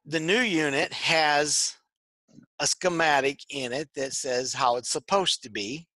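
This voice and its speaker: Male co-host, casual and rambling, crisp bright tone, dry close sound. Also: on the high side, measured pace, no echo. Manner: rambling, repeats words often. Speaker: podcast co-host. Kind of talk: casual chat. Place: tech shop.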